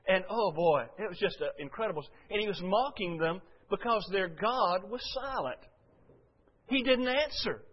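A man's voice: high voice, lively intonation, moderate pace, husky. A man preaching a sermon to a congregation, folksy and conversational, full of rhetorical questions. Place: church before a congregation. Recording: dull lo-fi recording.

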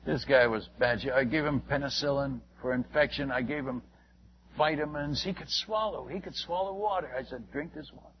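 A man's voice: mid-range voice, normal speed. An older man telling a long, folksy story about his missionary work in a rambling, casual way, full of restarts and asides. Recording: muffled lo-fi recording with faint hiss.

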